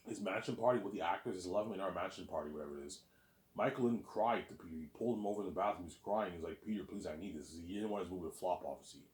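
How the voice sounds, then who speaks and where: Deep-voiced man rambling fast. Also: roomy sound. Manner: repeats words and restarts often, loose and boastful. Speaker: author hosting his own listening series. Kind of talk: rambling casual monologue.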